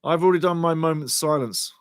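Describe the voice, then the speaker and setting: A man hosting a live football watchalong, chatting excitedly, reading out viewers' comments and swearing casually. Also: fairly high pitch, quick pace, clean tone, no echo. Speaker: watchalong host.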